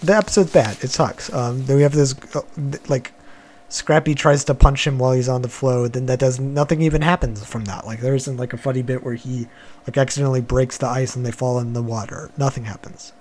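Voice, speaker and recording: A male podcast host talks through a cartoon plot in a relaxed, meandering chat, chuckling often as he goes. His voice sits at an ordinary middle pitch, with a faint hiss of background noise under it. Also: a little fast. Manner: loose, chuckling, wandering retelling. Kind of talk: casual podcast chat recapping a cartoon episode.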